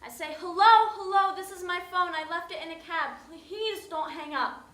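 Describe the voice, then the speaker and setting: A woman's voice: animated, moderate pace, bright, forceful tone. An actor on stage playing a tired, exasperated young woman who swears casually while telling how she lost her phone. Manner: casual, swearing, acts out shrill calls. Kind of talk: stage monologue. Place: theater stage. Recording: echoey stage room.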